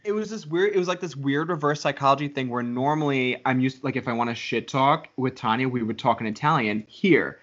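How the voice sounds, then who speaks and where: A man with a mid-range voice co-hosts a podcast in a relaxed way, full of fillers. The dull, lo-fi recording takes the edge off his voice. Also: mid-range voice. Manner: laid-back, filler-heavy, quick to laugh. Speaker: podcast co-host. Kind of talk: casual chat.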